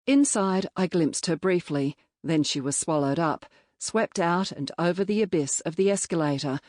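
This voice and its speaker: A woman narrating a novel in the first person, in a measured, reflective storytelling manner. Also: on the low side, a little mellow, no room sound, clean studio sound. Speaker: audiobook narrator. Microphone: close studio mic.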